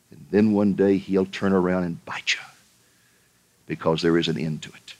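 A man's voice: low-pitched, steady tone, normal speed, darkish tone, dry recording. A male pastor preaching a sermon, pressing the listeners with emphatic rhetorical questions and rising sharply when he addresses them directly.

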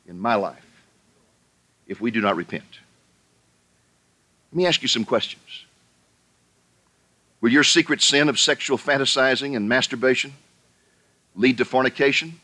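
A man's voice: medium pitch, pushed and bright, dry recording. A male pastor preaching a sermon, pressing the listeners with emphatic rhetorical questions and rising sharply when he addresses them directly.

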